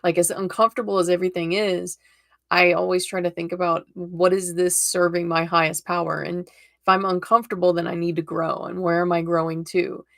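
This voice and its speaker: A woman reads tarot cards on a live stream, talking in a casual, encouraging way and laughing often. Her voice sits low and has a gravelly texture. The sound is dry and close, with no room echo. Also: flat delivery, brisk, a bit bright. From United States.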